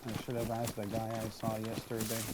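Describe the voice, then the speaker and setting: A man playing a weary male survivor in a game role-play, musing quietly to himself in a low-key voice. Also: completely flat delivery, brisk, very noisy, lightly acted. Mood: pensive.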